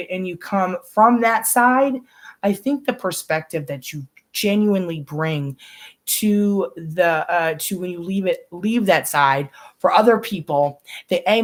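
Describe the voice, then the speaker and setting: A young woman from the United States chatting casually on a live reaction stream, rambling, restarting her sentences and swearing often. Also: on the low side.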